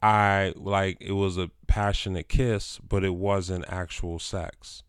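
A man's voice: low-pitched, fairly even intonation, slow, smooth, no room sound, studio quality. A man chatting casually on a podcast, rambling with lots of fillers like "like" and "you know". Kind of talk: casual chat.

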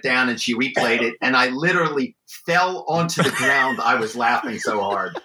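A middle-aged man, a former corporate spy, telling lively anecdotes as an interview guest, with frequent restarts. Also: medium pitch, moderate pace, reverberant, noisy background. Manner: animated anecdotes with frequent restarts and imitated voices. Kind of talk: conversational storytelling interview.

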